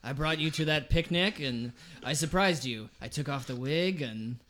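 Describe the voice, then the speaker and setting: A man's voice: a little high, moderate pace, fairly bright tone, close to an everyday voice. A man playing a goofy, self-deprecating husband in an improv comedy sketch. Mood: sheepish. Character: hapless husband.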